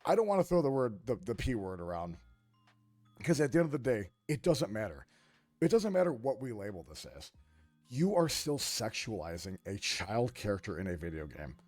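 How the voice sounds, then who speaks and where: A man's voice: fairly low pitch, sing-song, fairly quick, a little mellow, soft background music. A man co-hosting a reaction stream, speaking in emphatic, indignant commentary as if lecturing.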